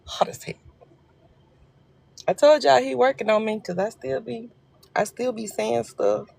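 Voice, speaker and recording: A woman's voice: a little high, moderate pace, gravelly, darkish tone, no echo. A woman from Arkansas with a Southern accent, chatting casually and joking with viewers on a phone livestream. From Arkansas, USA. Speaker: livestream host. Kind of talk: casual live chat.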